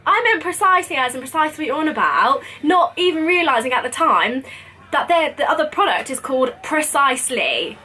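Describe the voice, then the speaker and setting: A woman in her twenties vlogging, telling a story in casual chat, animated and giggly, acting out quoted lines in a higher voice. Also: moderate pace. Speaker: beauty vlogger.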